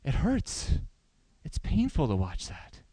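A man's voice: medium pitch, huge pitch swings, slow pace, dark tone, no room sound, rough recording. A man preaching a sermon who asks the congregation questions and lifts his voice for emphasis. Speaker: pastor.

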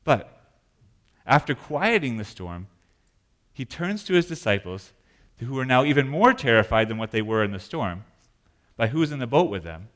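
Man, pastor, sermon, church, animated delivery, lively varied pitch. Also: moderate pace. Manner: animated, acts out panicked voices.

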